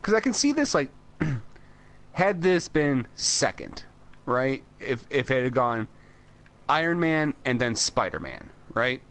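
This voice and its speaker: An American man co-hosting a podcast in easy, rambling chat, with a mid-range voice of ordinary pitch. He leans on fillers and laughs as he talks. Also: big pitch swings, takes it slowly, fairly bright tone. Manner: rambling, lots of "like" and "you know", frequent laughs. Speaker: podcast co-host. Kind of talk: casual chat.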